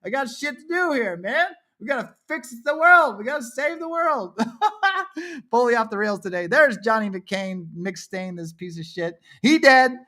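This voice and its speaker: A man hosting a livestream, commenting on shared images and swinging between low muttering and angry yelling, with a lot of swearing. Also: expressive, unhurried. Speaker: livestream co-host.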